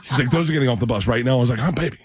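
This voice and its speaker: A man, a comedian guest in a radio studio, telling rowdy stories full of laughter and quick put-on voices. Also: medium pitch, over a noisy crowd. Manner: laughing, animated storytelling with voices. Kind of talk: rowdy storytelling.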